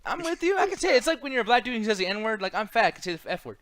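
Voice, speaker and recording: A man's voice: high-pitched, sing-song, rapid-fire, a bit bright, a little hiss or hum. A man co-hosting a casual wrestling chat, ranting profanely and dropping into mocking impressions. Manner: profane, rant-driven, drops into mocking impressions. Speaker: co-host.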